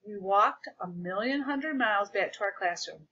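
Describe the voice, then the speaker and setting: A woman reading a children's book aloud in an animated, expressive way, in a dull lo-fi recording. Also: mid-range voice, moderate pace, husky. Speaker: storyteller.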